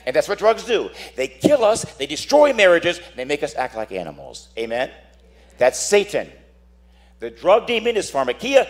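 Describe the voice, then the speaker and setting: A man's voice: a little high, wildly swooping pitch, normal speed. A man who is a priest, preaching a dramatic sermon, telling stories and acting out voices while asking "Amen?".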